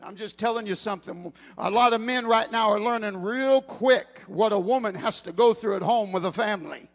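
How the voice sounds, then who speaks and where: A man preaching a sermon in a church, passionate and building to shouted, almost sung lines. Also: sits high, moderate pace, vocal fry. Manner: impassioned preaching, rising to shouts and a sung cadence. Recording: long reverb in a large hall.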